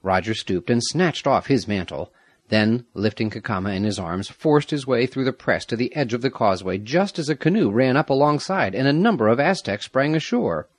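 A man narrating an adventure story in a measured, dramatic reading. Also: mid-range voice, expressive, no echo. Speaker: audiobook narrator. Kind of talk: scripted narration.

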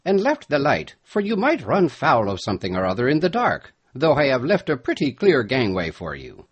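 A man's voice: medium pitch, huge pitch swings, normal speed, husky, pitched above the performer's own voice. A man voicing a practical older sailor in a storybook reading, plain-spoken. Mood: steady. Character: steady older male sailor and foreman.

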